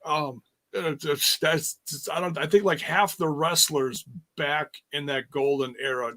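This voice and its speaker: A man's voice: a little high, fairly even intonation, unhurried, pushed and bright. Laid-back man laughing through wrestling stories. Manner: laid-back, laughs while retelling moments. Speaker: podcast co-host. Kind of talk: casual wrestling review chat.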